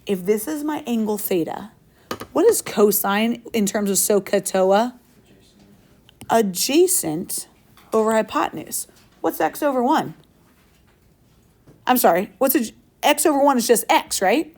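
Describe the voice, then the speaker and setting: Slightly high and expressive but with a darkish tone, a woman teaches high school math at a normal pace. Her classroom lecture is upbeat and playful, full of questions aimed at the students.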